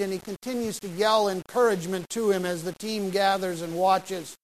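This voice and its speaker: A man's voice: high voice, fairly even intonation, moderate pace, hardly any pauses, a little hiss or hum, low-quality recording. A man pastor preaching a sermon in a church, urging his listeners in short, emphatic phrases. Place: church sanctuary.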